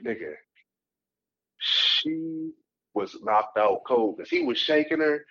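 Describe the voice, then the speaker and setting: A man's voice: fairly high pitch, huge pitch swings, takes it slowly, creaky, sharp tone, lo-fi sound. A young man co-hosting a podcast, telling a story in casual, slangy, profane speech. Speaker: podcast co-host.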